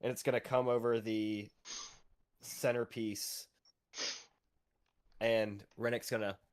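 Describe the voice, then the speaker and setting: A man's voice: lowish voice, level tone, slow pace, dry recording, clean studio sound. A man playing in a tabletop game, describing his character's actions hesitantly with many fillers. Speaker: player.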